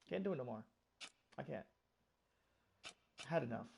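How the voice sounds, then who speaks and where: Frustrated man ranting with lively pitch. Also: moderate pace, gravelly. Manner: frustrated, swearing, swings from muttering to loud outbursts. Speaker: gaming vlogger. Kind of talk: angry rant to camera. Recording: loud background noise, vehicle sounds.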